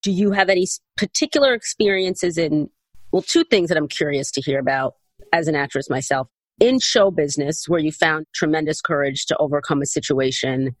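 Low-voiced woman asking earnest questions. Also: a little fast, no room sound. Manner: earnest, searching questions with strong reactions. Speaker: interviewer and actress. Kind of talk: conversational interview.

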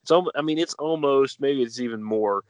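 A man's voice: mid-range voice, normal speed, dry recording, highs cut off. A man hosting a conversation, chiming in with encouraging, reflective remarks. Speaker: podcast host. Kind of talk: casual conversation.

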